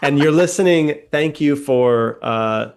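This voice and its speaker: A man's voice: on the high side, takes it slowly, smooth. A man co-hosting a podcast in casual chat, friendly and rambling, with hesitations. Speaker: podcast co-host.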